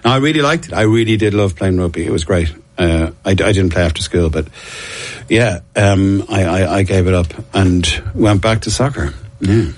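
A man's voice: sits low, normal speed. A middle-aged Dublin man telling stories as an interview guest, rambling and self-deprecating, often restarting his sentences. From Ireland. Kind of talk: casual storytelling interview.

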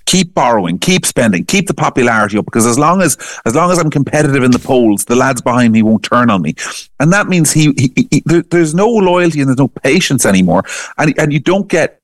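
A man giving forceful opinions as a political commentator in a podcast discussion, often repeating words and restarting phrases. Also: mid-range voice, no room sound. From Ireland.

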